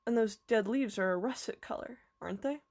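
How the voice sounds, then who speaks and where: A woman reading aloud voices a kindly, eccentric old male professor who explains things gently and patiently. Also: on the high side, brisk, lightly acted. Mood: warm, explaining.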